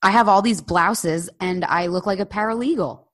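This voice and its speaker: A woman co-hosting a casual chat podcast, telling stories in a chatty, animated way and putting on voices when she quotes people. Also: medium pitch, moderate pace. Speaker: podcast co-host. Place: living abroad in Britain.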